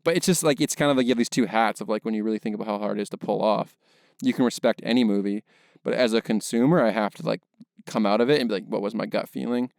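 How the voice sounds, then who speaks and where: A man's voice: fairly low pitch, fast talker, creaky, a little mellow, no echo, clean studio sound. A young man co-hosting a casual film podcast, rambling with lots of fillers and restarts. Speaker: podcast co-host, filmmaker.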